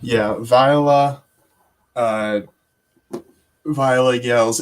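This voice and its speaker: A man playing a character in a tabletop game, soft-spoken and accommodating. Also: medium pitch, fairly even intonation, slow, background noise. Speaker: player.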